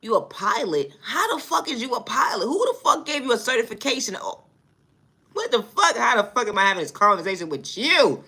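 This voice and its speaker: A woman's voice: on the high side, sing-song, a little fast, bright, forceful tone, husky. A woman telling a comic story as an exasperated, profane rant, often breaking into laughter. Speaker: vlogger.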